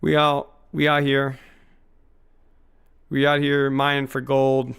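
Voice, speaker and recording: Male streamer, gravelly mid-range voice, loose jokey rambling with chat. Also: medium pitch, completely flat delivery, slow, a bit bright. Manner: joking and rambling, laughs at his own lines. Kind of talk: casual live-stream chat with viewers.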